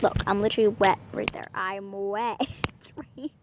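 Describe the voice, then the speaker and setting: A woman's voice: medium pitch, fast. A young woman chatting casually to her phone camera outdoors, rambling and laughing often as she vlogs from outside in the rain. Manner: giggly, rambling, frequently laughing. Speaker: vlogger. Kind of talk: casual vlog chat. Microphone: phone camera held by hand. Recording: loud rain and outdoor noise.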